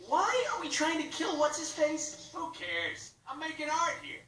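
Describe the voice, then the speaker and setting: An actor voicing a sarcastic, foul-mouthed mercenary antihero in a video game, talking straight to the player. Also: male voice, very high-pitched, animated, a little slow, bright, forceful tone, heavily acted. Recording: distant echoey game audio with noise.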